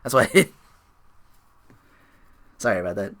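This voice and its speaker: A man hosting a casual wrestling chat show, animated and laughing often as he acts out quotes. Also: fairly low pitch, takes it slowly. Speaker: podcast host.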